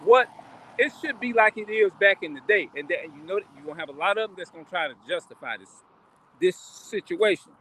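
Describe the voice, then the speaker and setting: A man's voice: high-pitched, animated, brisk, fairly bright tone. A man talking in a rambling, preachy way, recording himself in a truck. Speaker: vlogger preaching. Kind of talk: casual religious monologue. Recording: vehicle noise, music in truck.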